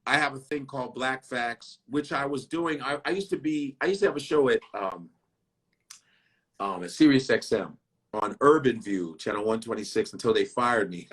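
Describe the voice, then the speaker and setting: Blunt, bright-voiced comedian. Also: male voice, mid-range voice, normal speed, husky. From Chicago. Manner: blunt, profane, animated storytelling that acts out other people's lines. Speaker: comedian guest. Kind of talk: casual interview chat.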